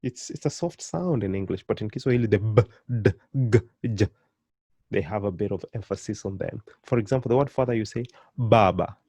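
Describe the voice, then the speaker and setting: A man teaching a beginner language lesson, praising learners often and repeating words slowly for them to copy, with sudden lively jumps in pitch and loudness. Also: dry recording.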